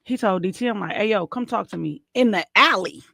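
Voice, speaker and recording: Brief: woman podcast co-host, gravelly edge, lively storyteller, dry close mic. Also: medium pitch, brisk, no echo. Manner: animated, laughing storyteller, acts out quotes. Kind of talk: casual storytelling chat.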